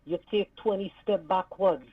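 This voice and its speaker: Caller on a tinny phone line. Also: male voice, high voice, normal speed, no echo, distant mic. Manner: earnest, hesitant, stops and restarts while talking. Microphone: phone call.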